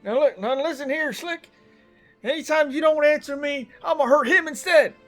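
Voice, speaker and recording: A man voicing a cranky old male jailer with a walking stick, gruff, shouting and cursing. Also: very high voice, normal speed, soft background music, pitched above the performer's own voice. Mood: angry.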